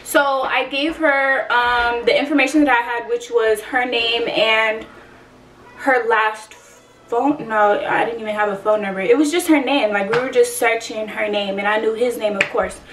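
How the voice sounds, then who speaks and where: A woman's voice: fairly high pitch, steady tone, moderate pace, fairly bright tone, reverberant, far from the mic, a little hiss or hum, poor audio. A woman in her twenties telling an emotional personal story in a candid, slangy, swearing vlog. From San Antonio, Texas. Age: 20s. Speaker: vlogger.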